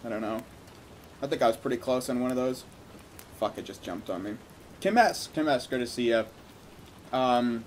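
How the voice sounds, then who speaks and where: A man's voice: on the high side, darkish tone, slight background noise. A man hosting a casual livestream, greeting viewers by name and chatting loosely with some swearing. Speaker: livestream host.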